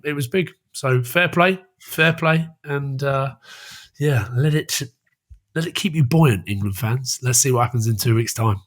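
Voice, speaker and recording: A man hosting a casual rugby chat show with a middle-pitched voice. He tells his anecdotes with big swings in energy and bursts into high, loud laughter. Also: a little slow. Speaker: podcast host.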